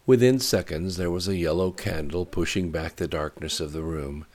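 A man narrating a story in a steady, even storytelling manner. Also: low voice, moderate pace. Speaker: audiobook narrator. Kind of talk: scripted narration.

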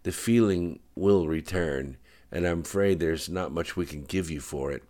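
A man with a very deep voice voicing a calm, practical male nurse. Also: moderate pace, lightly acted. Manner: reassuring, practical.

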